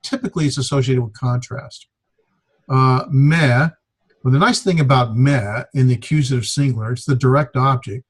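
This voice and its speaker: A man teaching a Greek grammar class, explaining in a halting way with many fillers. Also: mid-range voice, slightly rough. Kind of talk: classroom lecture.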